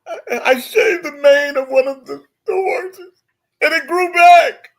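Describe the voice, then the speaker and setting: A man voicing a crying, dim-witted bar patron in a told joke, in a high whiny voice. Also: a little slow, creaky, fairly bright tone, full character voice. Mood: wailing. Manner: whiny, wailing.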